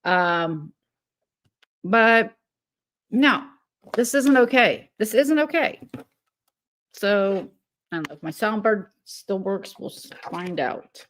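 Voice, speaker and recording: A woman's voice: mid-range voice, animated, takes it slowly, long pauses, fairly bright tone. A woman hosting a casual livestream, greeting viewers by name and giggling, then rambling with many fillers. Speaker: livestream host.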